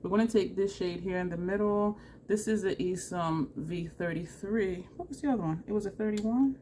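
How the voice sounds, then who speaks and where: A woman's voice: medium pitch, moderate pace, warm tone, a little hiss or hum. A woman chatting casually through a makeup tutorial, self-deprecating and laughing often, with a runny nose. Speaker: makeup vlogger.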